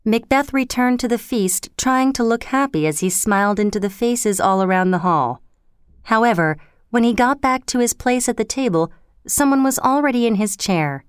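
A woman narrating a story in a clear, measured storytelling manner. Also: on the high side, animated, no room sound, studio quality. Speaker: reader. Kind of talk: scripted narration.

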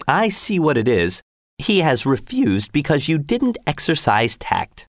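A man's voice: a little high, wildly swooping pitch, a little slow, no echo, clean studio sound, voice pushed up, exaggerated voice. A man reading aloud, voicing a pompous townsman who lectures others about tact in a condescending way. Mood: smug. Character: pompous, smug middle-aged Swiss townsman.

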